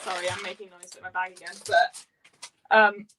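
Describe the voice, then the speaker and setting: A woman's voice: mid-range voice, level tone, normal speed, heavy background noise. A woman from the Netherlands with a Dutch accent, a native Dutch speaker, chatting casually on a live stream from her phone, laughing often and using lots of fillers. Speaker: LEGO streamer host.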